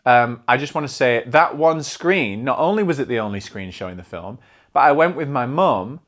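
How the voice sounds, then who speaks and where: Northern English man, mid-pitched, hosts a casual film review; chatty, rambling, restarts a lot. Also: expressive, moderate pace, fairly bright tone. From north of England. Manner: chatty and digressive, with many restarts. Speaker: film reviewer and show host.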